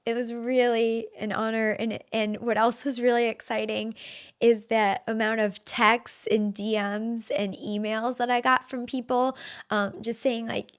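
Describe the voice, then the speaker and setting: An earnest woman in her thirties hosts a solo podcast, her voice sitting a little high. She talks warmly and personally, with fillers and restarts as she goes. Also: little pitch movement, unhurried, clean tone. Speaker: podcast host.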